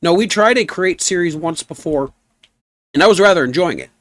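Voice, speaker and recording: A man streaming a game live, chatting in an easygoing, rambling way and reading his chat aloud, with a rough voice. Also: high voice, animated, a little fast, fairly bright tone. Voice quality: rough, gnarly voice.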